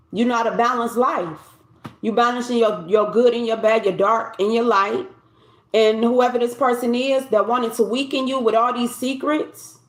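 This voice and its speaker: A woman's voice: fairly high pitch, reverberant. Chatty woman giving a tarot reading. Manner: loose, conversational, repeats and restarts phrases. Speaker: tarot reader.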